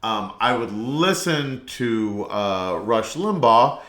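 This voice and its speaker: A man's voice: mid-range voice, animated, takes it slowly, fairly bright tone. A man hosting a casual solo podcast, talking in a loose, rambling, meandering way. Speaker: podcast host. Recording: echoey room.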